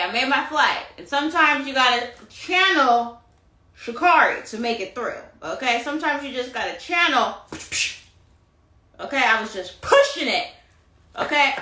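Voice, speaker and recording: Sassy livestream tarot reader, woman, a touch high, bright, dramatic pauses. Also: reverberant. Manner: sassy, dramatic, peppered with "okay?" and "honey". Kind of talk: casual livestream monologue. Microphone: phone livestream.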